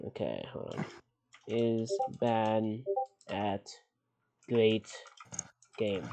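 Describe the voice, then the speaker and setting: A man voicing a fake doctor who questions a patient in a slow, hesitant way, in an improvised comedy role-play. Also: fairly low pitch, sing-song, creaky, warm tone, exaggerated voice. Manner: slow and hesitant, stumbling restarts.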